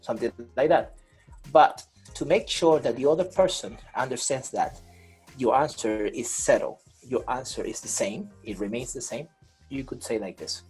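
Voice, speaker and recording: A man's voice: mid-range voice, moderate pace, a little mellow, breathy edge, soft background music, poor audio. A man teaching an online English grammar class over a video call, patient, repeating and rephrasing with many fillers.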